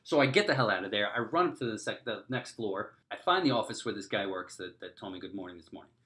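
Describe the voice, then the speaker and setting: A man hosting a podcast, telling a comedic story in an animated, exaggerated way, jumping up in pitch and volume for punchlines. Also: fast. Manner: animated, exaggerated, rising to near-shouts for punchlines. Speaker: podcast host.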